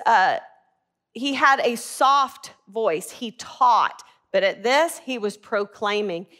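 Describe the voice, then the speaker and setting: A woman's voice: fairly high pitch, a bit bright. Woman teaching a Bible class. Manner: asks the class questions, answers them herself.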